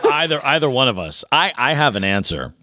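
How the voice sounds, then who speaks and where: A man co-hosting a casual fishing podcast, agreeable and quick to affirm, who reads out listener questions. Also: medium pitch, very animated, sharp tone, dry recording, studio quality. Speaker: podcast co-host.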